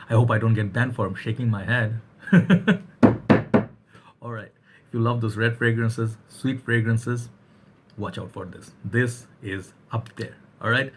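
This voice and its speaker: Guy reviewing fragrances, low voice, chatty and upbeat, faint hiss behind. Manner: chatty, energetic, keeps saying "all right". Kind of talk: casual chat to camera.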